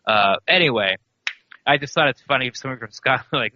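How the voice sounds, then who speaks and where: A man co-hosting a sports podcast, rambling and animated, laughing as he talks. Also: mid-range voice, fairly quick, no echo. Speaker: podcast co-host. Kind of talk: casual sports chat. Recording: dry, slightly dull podcast audio.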